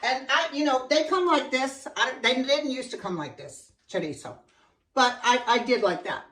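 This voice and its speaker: A woman's voice: on the high side, moderate pace, fairly bright tone. A woman hosting a casual home cooking demo, chatting straight to her viewers and eating as she talks. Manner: eats and talks with mouth full. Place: home kitchen. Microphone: camera mic set far off. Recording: echoey kitchen, distant camera mic. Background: faint clatter of dishes and pans.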